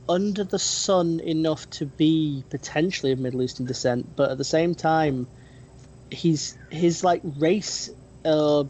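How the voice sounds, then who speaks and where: Slow, hesitant game master. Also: medium pitch, darkish tone, a little hiss or hum, low-quality recording. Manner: hesitant, many ums and restarts. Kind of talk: narrating a tabletop game.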